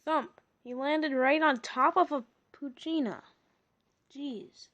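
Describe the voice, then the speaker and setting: A woman reads a children's storybook aloud at an unhurried pace, her voice high. She keeps stopping for chatty, amused asides. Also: fairly bright tone, dull audio. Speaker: reader.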